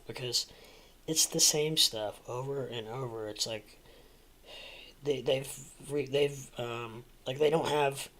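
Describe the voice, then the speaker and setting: On a casual crypto livestream with poor audio, a man of average pitch rambles between thoughts, leaning on fillers and restarting sentences. His tone is bright and forceful, and his asides are chatty and full of jokes.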